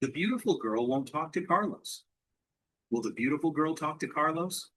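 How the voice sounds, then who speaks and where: Breathy-voiced man drilling English questions. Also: fairly high pitch, lively intonation, moderate pace, a bit bright, low-quality recording. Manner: asks simple questions, repeats answers back. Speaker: English teacher. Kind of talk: question-and-answer drill teaching.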